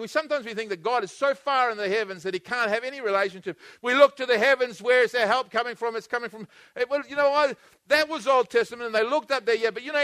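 A man preaching a sermon, earnestly and repetitively, swinging between loud emphatic bursts and hushed, intimate passages. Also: high voice, no room sound, clean studio sound. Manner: repetitive, earnest, with frequent restarts.

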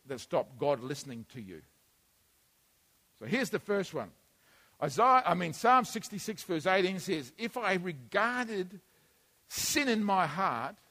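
A man with a high-pitched voice preaches to a congregation, speaking in a loose, conversational way. His voice rings out in a hall with a long, lingering reverb. He drops into quiet asides, then rises into emphatic bursts. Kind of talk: sermon. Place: church hall.

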